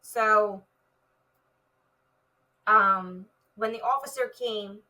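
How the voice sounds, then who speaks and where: A woman's voice: mid-range voice, drawn-out words, pushed and bright, distant mic, poor audio. A woman, a retired police officer, recounting a personal story in an interview, vividly and with many "like" fillers.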